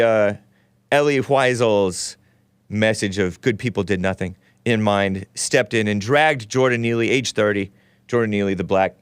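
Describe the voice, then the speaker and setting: A man's voice: on the low side, clear, resonant tone, dry recording. A man hosting a casual call-in talk show, rambling and sarcastic, reading news aloud with his own running commentary and stumbling over names.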